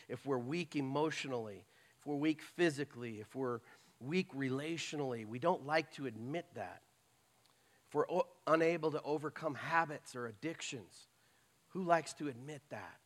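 A middle-aged male pastor preaching a sermon in an earnest, personal, plain-spoken way. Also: fairly high pitch.

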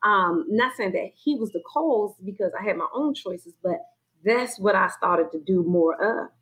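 A woman's voice: medium pitch, animated, normal speed, a bit bright, husky, low-quality recording. A woman sharing a personal faith testimony in conversation, acting out her own inner voices as she tells it. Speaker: guest sharing her story.

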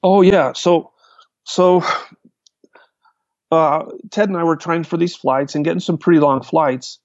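A man, a hang glider pilot, recounting his flights in a lively storytelling manner. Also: a little high, unhurried, dry recording. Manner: animated, vivid retelling with restarts. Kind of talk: storytelling in a conversation. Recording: dull, lo-fi, dry sound.

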